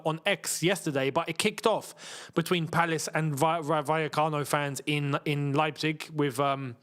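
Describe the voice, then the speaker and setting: A man's voice: a little high, a bit bright. A man hosting a live football watchalong, chatting casually and joking with frequent laughter. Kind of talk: casual live match commentary.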